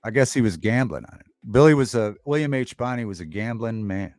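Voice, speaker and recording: A man's voice: on the low side, expressive, brisk, darkish tone, dry recording. A man hosting a livestream talk show, chatting casually, reading the chat aloud and repeating favorite movie lines with relish.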